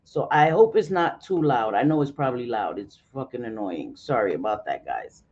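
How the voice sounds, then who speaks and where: A woman's voice: a bass voice, animated, moderate pace, a little mellow, lo-fi sound. A woman in her forties, chatting casually on a live stream, greeting viewers by name and swearing freely. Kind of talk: casual chat.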